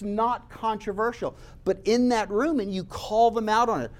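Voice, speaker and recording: His voice is high, with fairly even intonation and a moderate pace, as he recounts campus talks in animated, conversational storytelling. He speaks straight to his listeners and acts out the voices he quotes.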